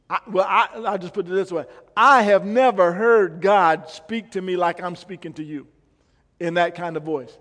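A man's voice: high voice, steady tone, normal speed, a bit bright. A male pastor preaching a sermon, emphatic, repeating phrases and questioning the congregation. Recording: long hall reverb.

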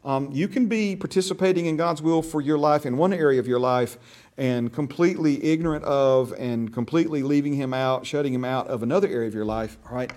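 A man leads a church discipleship class in a medium-pitched, darkish voice at a fairly quick pace. His folksy, conversational manner is full of restarts and repeated words, and he keeps asking "right?" and "okay?"

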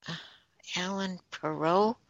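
A woman's voice: on the low side, slow, dry recording, lo-fi sound. A woman on a talk podcast, relaying messages she says she is receiving, in a casual chatty way. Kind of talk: casual channeling chat.

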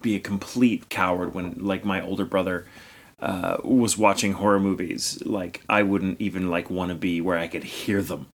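A man's voice: low-pitched, steady tone, moderate pace, slightly rough. A man co-hosting a podcast in casual chat, playful and acting out voices in his stories. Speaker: podcast co-host.

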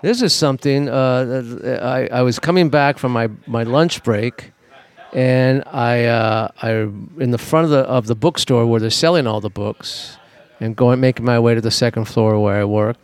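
A man co-hosting a podcast, telling stories in a casual, animated way and swearing freely. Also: medium pitch, normal speed, smooth. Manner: profane, animated, laughing while telling stories. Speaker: podcast co-host. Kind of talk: casual storytelling chat.

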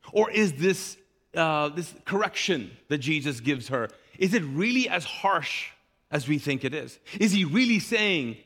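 Lively high-voiced pastor preaching in a hall. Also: male voice. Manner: animated, acts out quoted people. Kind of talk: sermon. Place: large church. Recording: live church hall reverb.

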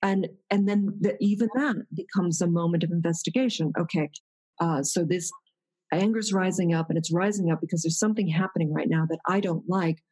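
Husky-voiced woman, thoughtful teacher. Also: fairly low pitch, a little fast, a little mellow, rough recording. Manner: thoughtful, searching, many restarts. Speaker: meditation teacher. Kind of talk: reflective conversation.

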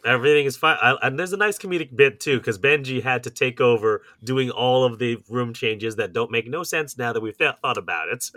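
Bright-voiced man recapping a movie. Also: medium pitch, fairly quick, few pauses, no echo. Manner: animated recapping, laughs often. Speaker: podcast host. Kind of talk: casual movie chat.

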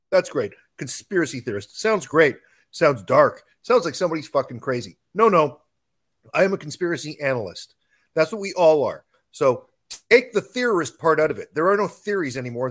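A married man co-hosting a podcast, talking in an emphatic, sarcastic way in casual chat. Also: a little high. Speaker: podcast co-host.

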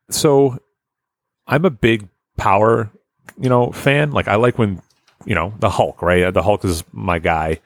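A man's voice: low-pitched, dry recording, clean studio sound. A man chatting casually and enthusiastically, rambling and swearing a lot. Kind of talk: casual chat.

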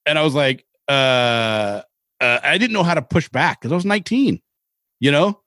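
A man's voice: a little high, normal speed, no echo. Middle-aged man from Seattle, rambling anecdotes. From Seattle, Washington. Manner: rambling, animated anecdotes with casual swearing. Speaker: podcast co-host. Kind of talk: casual storytelling chat.

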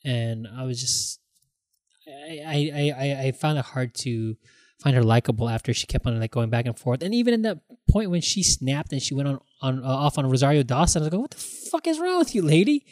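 Man, casual chat, animated, quotes scenes in put-on voices, swears, dry close sound. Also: mid-range voice, a little fast, no room sound.

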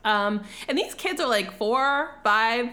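A woman co-hosting a casual chat, recapping a film with animated, profane storytelling. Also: on the high side, slow. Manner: animated, profane storytelling, acts out quotes in voices.

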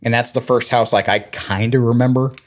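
A man's voice: medium pitch, fairly quick. A man in his thirties from Georgia in the US, telling family stories in a casual chat and acting out the voices of the people in them. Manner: animated retelling, acts out quoted voices.

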